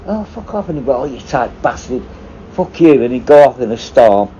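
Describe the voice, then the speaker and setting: A man's voice: medium pitch, brisk, dark tone. A man, a former prison officer, telling rambling, swear-filled stories in casual chat. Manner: swears constantly, rambling anecdotes. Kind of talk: casual storytelling. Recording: dull lo-fi with faint noise.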